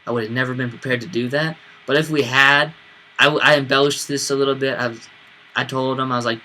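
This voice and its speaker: A man's voice: mid-range voice, fairly even intonation, fast talker, sharp tone, a little hiss or hum. A young man in his twenties casually telling a rambling story for his video channel, full of fillers and restarts. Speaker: vlogger.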